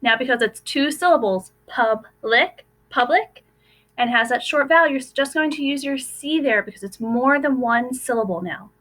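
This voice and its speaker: Bright high-voiced woman teaching phonics. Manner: slow, clearly sounding out letters and words. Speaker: first grade teacher. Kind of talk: recorded phonics lesson for young children.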